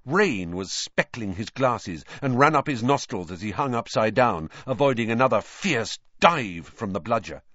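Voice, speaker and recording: Guy reading a storybook aloud, lively ups and downs, dull dry sound. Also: medium pitch, moderate pace, few pauses, no room sound. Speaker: audiobook reader. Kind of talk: storybook narration.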